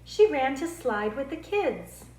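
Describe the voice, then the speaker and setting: Slow, clear woman reading aloud. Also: high-pitched, big pitch swings, darkish tone. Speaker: speech therapist. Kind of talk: reading picture books aloud to children. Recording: roomy echo.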